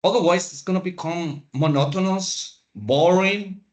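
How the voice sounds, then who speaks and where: A man teaching a class, lecturing in a slow, deliberate way with pauses. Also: high voice. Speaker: instructor.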